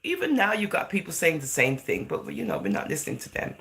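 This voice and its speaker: A woman's voice: a bass voice, sing-song, fairly quick, few pauses. A woman from England, vlogging in a chatty, rambling monologue. She fills her talk with "you know" and "right?" and slips into Jamaican-style phrasing. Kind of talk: casual talking-to-camera monologue.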